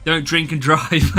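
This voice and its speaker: Chatty English streamer, slightly higher voice, reads chat and greets viewers. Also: male voice, sharp tone. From England. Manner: chatty, greets viewers by name, laughs often. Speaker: game streamer. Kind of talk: live gameplay stream, reading chat.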